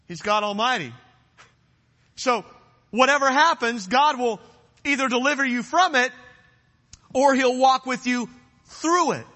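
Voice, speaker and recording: A man preaches with a very high, bright voice that rings through a reverberant hall. He is earnest and emphatic, driving his points home by repeating phrases. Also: measured pace, long pauses. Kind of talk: sermon.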